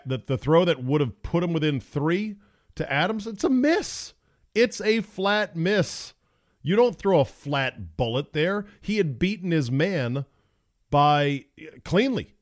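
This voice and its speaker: A middle-aged man hosting a solo sports talk podcast, giving opinionated, sarcastic takes with animated jokes and asides. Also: medium pitch.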